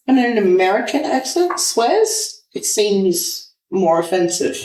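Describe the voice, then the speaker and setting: A woman guest on a casual podcast, chiming in with quick jokes and the odd swear. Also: mid-range voice, very animated, a little mellow, far from the mic. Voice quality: quick joking interjections, swears. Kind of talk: casual chat. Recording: echoey room.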